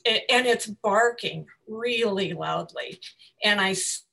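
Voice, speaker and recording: A woman telling a personal story in a group discussion, full of fillers and restarts, with soft laughs between phrases. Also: medium pitch, takes it slowly, vocal fry.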